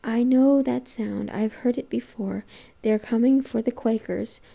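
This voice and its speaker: A woman reading the lines of a gentle, confused old Quaker woman in a storybook reading, with old-fashioned speech. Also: a little high, a little slow, creaky. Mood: frightened. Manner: soft, old-fashioned thee-and-thou speech. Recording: dull lo-fi home recording.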